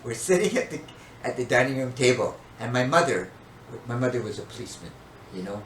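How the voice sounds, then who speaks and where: An older man and podcast co-host, telling a story in casual chat with an animated, dramatic manner. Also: medium pitch, fairly quick. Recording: echoey room, distant mic, faint noise.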